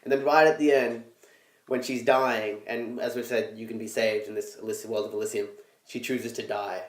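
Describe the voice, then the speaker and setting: A laid-back man riffing on a film with friends at a middling pitch. He keeps things wry and casual. The room around him is echoey. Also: little pitch movement, normal speed. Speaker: podcast co-host. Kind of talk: casual movie review chat.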